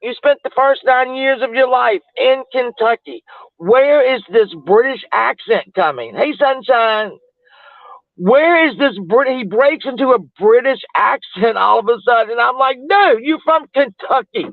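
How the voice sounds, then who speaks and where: On a tinny, phone-like, dry recording with no room sound, a man with a very high, gravelly voice talks a little slowly. He's hosting a livestream, rambling through casual chat commentary and saying hello to viewers along the way.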